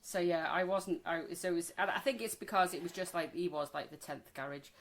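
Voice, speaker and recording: A woman's voice: on the low side, brisk. A woman in her forties, a podcast co-host, chatting casually and telling a story bluntly, with plenty of swearing. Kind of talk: casual chat.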